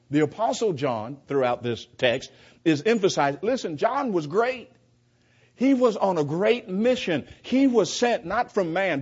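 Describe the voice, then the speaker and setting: Guy preaching a bible lesson, husky voice, kinda muffled lo-fi recording. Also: sits high, a little mellow. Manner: emphatic, repeats words, rhetorical questions to the class. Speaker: preacher teaching a Bible class. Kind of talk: Bible study teaching. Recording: dull lo-fi recording.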